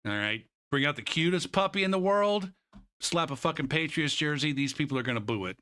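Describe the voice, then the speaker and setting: A man's voice sits a little high, fairly quick and clean in tone, as he streams a game live. He gives gameplay commentary and tells a story with lots of swearing, staying animated and laughing often.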